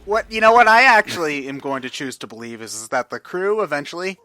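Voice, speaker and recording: A man's voice: fairly high pitch, lively intonation, quick pace, pushed and bright, no room sound. A man co-commentating a game playthrough in casual chat, chatty and often giggling. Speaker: let's play co-commentator.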